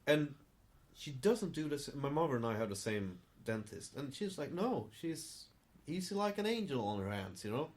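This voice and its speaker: Halting man chatting. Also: medium pitch, very animated. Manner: hesitant, laughing, halting. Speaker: podcast co-host. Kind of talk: casual chat.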